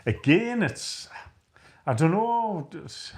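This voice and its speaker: A man's voice: sits high, sing-song, slow. A middle-aged man with a chatty, rambling, self-mocking way of talking, co-hosting a casual live chat. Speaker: co-host of a live chat stream.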